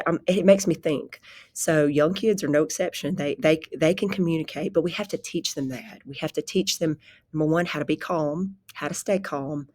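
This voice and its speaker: Calm low-voiced woman teacher. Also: no room sound. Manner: calm, conversational, rambling with restarts. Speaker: pre-K teacher. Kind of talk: informal spoken presentation.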